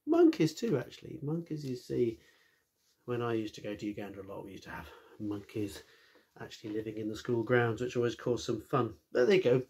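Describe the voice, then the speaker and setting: A man's voice: mid-range voice, animated, a little fast, darkish tone, husky. A man, a teacher, reading a children's story aloud with friendly, chatty asides to young listeners.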